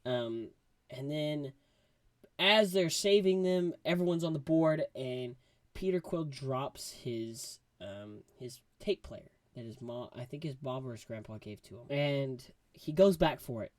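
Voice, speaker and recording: Here's an excitable young man recapping a film in a casual, slangy way and acting out quotes from scenes as he goes. His voice sits at an ordinary middle pitch. It is recorded close and dry, with almost no room sound. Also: unhurried, dry recording. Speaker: movie reviewer. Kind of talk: casual movie review recap.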